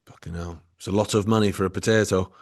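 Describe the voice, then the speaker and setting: A man from Britain with a lowish voice, co-hosting a casual podcast chat. He talks in sarcastic, sweary banter. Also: fairly even intonation, fast talker, a little mellow. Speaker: podcast co-host.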